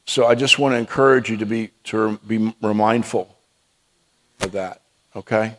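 A man's voice: on the low side, fairly even intonation, normal speed, fairly bright tone. A man preaching and telling testimony stories, then giving a prophetic word, with frequent restarts and repeated "okay?".

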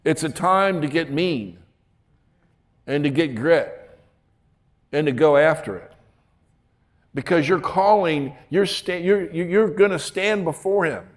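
A man's voice: a little high, slow, pauses often. A man preaching a sermon in a folksy, emphatic way, with joking asides and repeated phrases.

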